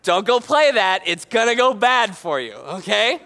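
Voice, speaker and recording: A man preaching a casual, joking sermon in an animated, conversational way. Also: high-pitched, measured pace, a little hiss or hum. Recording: long hall reverb.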